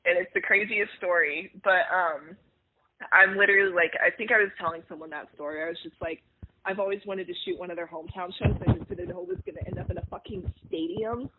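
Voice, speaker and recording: Woman, concert photographer guest, excitable, gushing, fast bursts, lo-fi phone-like sound. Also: on the low side, a little hiss or hum. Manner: excitable, gushing, speeds up when enthusiastic. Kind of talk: casual interview chat. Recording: tinny phone-like lo-fi audio.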